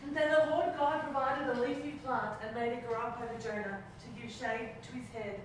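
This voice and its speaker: A woman in a Bible study group reading scripture passages aloud in a steady, plain way. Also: a little high, moderate pace, a little hiss or hum. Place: room with a small group, away from the mic. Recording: distant voice in an echoey room.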